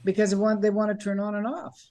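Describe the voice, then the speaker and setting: Animated woman coaching voice online. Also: mid-range voice, fast talker. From Canada. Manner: animated, demonstrates breathing and vocal sounds. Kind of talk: online workshop instruction. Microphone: video call.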